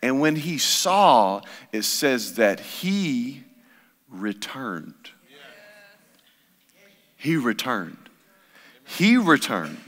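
Bright-voiced preaching pastor in a reverberant church. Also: male voice, mid-range voice. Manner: impassioned preaching with repetition. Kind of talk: sermon. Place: church sanctuary. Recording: long church hall reverb.

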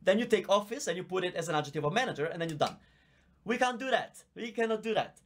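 High-voiced Italian-accented male teacher. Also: expressive, fast. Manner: chatty, explains patiently, reads out viewer comments. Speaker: language teacher. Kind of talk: live online Q&A lesson. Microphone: visible microphone.

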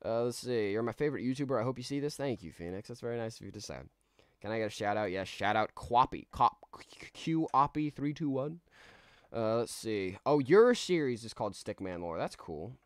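A man's voice: medium pitch, expressive, a little fast, clear, resonant tone, no echo, studio quality. A man streaming a game live, rambling in a laid-back way with many restarts as he reads out chat. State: tired.

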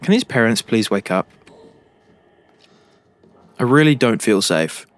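This gaming YouTuber is a young man from Britain with a mid-range, expressive voice and an unhurried delivery. He cracks jokes as he plays, speaking directly to the game's characters.

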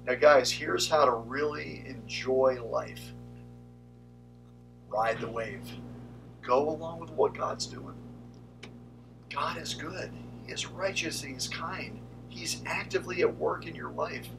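A man's voice: on the high side, slow, creaky, far from the mic, over music, low-quality recording. A man preaching a conversational sermon to his congregation as pastor.

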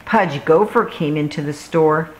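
Woman, children's story reader, slow, expressive, lowish voice. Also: low-quality recording. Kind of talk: storybook read-aloud.

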